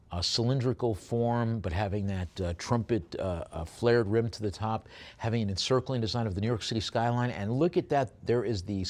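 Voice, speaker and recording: A man's voice: on the low side, a little mellow. A man working as an auctioneer, calling bids at a live sale. He describes each lot with many hesitant fillers and drops joking asides between bids.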